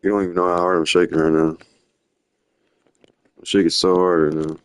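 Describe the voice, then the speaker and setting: A young man talks on a live stream, wandering loosely from one story to the next in casual slang. His voice sits very low. The sound is dry and close, with no room around it. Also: little pitch movement, fairly quick, clean tone, no room sound. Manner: rambling, slangy, drifting storytelling. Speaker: livestreamer. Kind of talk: rambling live-stream chat.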